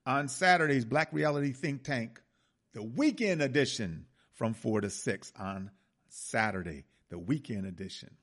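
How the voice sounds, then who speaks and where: Gravelly, husky-voiced radio talk host. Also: male voice, medium pitch, expressive, a little slow, fairly bright tone. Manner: impassioned, preachy, addresses listeners as brothers and sisters.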